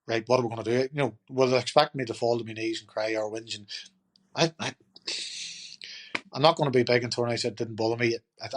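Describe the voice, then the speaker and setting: A middle-aged man, a podcast guest telling his story in a chatty, rambling way full of fillers. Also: medium pitch. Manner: chatty, rambling, lots of "you know" and "turned around and says". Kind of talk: casual storytelling.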